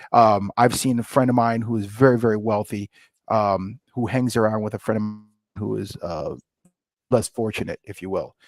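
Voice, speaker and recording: A middle-aged man, a guest on a podcast, telling his story in a lively way and acting out the dialogue. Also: lowish voice. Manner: lively storyteller, acts out dialogue with rising excitement. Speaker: scotch company founder, guest. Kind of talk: animated storytelling interview.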